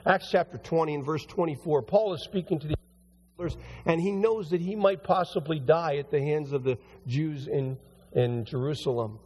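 A man preaching a conversational sermon as pastor, his voice a little hoarse and recovering. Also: on the high side, darkish tone. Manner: conversational, rambling with restarts. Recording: long hall reverb.

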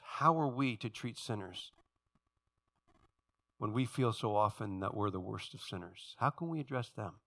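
A man preaching a sermon who tells the stories vividly and acts out the voices of the people in them. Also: medium pitch. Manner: animated storytelling, acts out quoted voices.

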